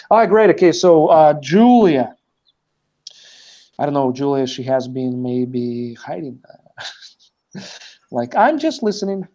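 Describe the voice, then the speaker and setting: A man's voice: mid-range voice, warm tone, lo-fi sound. A male teacher giving a live online lesson, explaining step by step with many hesitant fillers. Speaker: language teacher.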